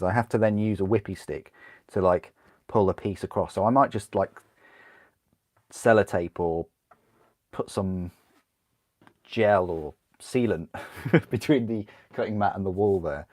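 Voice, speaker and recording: A man's voice: fairly low pitch, darkish tone. A man chatting casually on a livestream while building a model kit, rambling, answering chat and laughing often.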